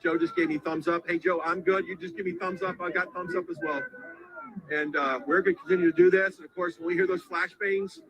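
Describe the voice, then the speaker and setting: Male on-scene reporter, higher voice, breathless live commentary, noisy outdoor recording. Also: fairly even intonation. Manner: breathless, halting, reacting on the spot. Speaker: field reporter. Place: outdoors in a large crowd.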